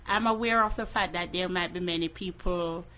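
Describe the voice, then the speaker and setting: A woman speaking as a guest in a radio studio interview, earnest and measured. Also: on the low side, pushed and bright.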